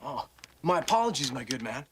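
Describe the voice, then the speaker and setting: An actor playing a dim young surfer-dude robber in a film, with a cartoonish California surfer accent and a mock-polite, laid-back drawl. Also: male voice, medium pitch, very animated, fairly quick, fairly bright tone, slight background noise. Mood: cocky. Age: young adult.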